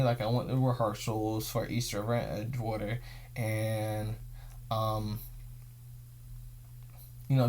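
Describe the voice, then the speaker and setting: A young man hosting his own show, telling an emotional story in a rambling, repetitive way. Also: medium pitch. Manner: rambling, emotional, repeats phrases. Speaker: podcast host. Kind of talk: casual storytelling vlog.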